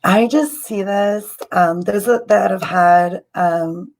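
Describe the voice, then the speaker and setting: A woman hosting a live stream as a spiritual healer, guiding a meditation in a soft, halting, emotional way with many ums, and she is tearful. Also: mid-range voice, low-quality recording. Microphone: computer mic on a live stream.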